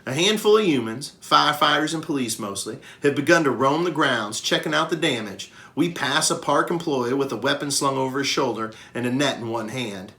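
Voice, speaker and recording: A man reading a children's novel aloud with expressive narration. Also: medium pitch, fairly quick, few pauses. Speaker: reader. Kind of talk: storybook read-aloud.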